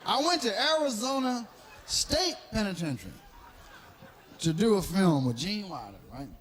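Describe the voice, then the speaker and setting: His voice is high, sing-song, and fairly bright, delivered at normal speed with some chatter in the background. The man, in his forties, is doing a live stand-up show, spinning profane, loose tales and impersonating the people in them.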